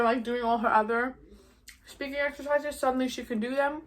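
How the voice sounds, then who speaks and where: Brief: teen girl vlogger, slightly high voice, casual storyteller, "like" in every line. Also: fairly quick. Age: teens. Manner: chatty, heavy use of "like". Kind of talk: casual retelling while eating.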